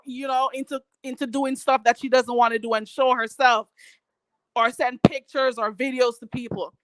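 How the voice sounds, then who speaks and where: A woman's voice: high-pitched, steady tone, normal speed, fairly bright tone, no room sound. A Jamaican woman ranting on a live stream, sassy and mocking, calling her target "child". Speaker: vlogger.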